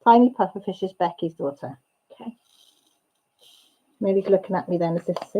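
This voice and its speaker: A woman hosting a casual chat livestream, excitable, laughing and greeting viewers by name. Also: medium pitch, a little fast, long pauses, breathy edge. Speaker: livestream host. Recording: dull lo-fi livestream sound.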